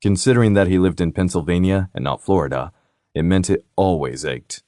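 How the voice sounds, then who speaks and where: A man narrating a romantic suspense audiobook in a steady, even reading. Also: sits low, fairly quick, no echo, clean studio sound. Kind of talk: scripted narration.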